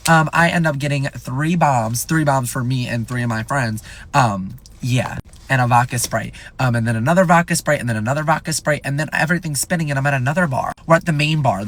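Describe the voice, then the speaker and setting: A man rattles through a casual storytime monologue at a brisk clip. His pitch sits in an ordinary middle range. He is animated and self-mocking, swears freely, and swings between loud bursts and hushed asides. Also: a little hiss or hum.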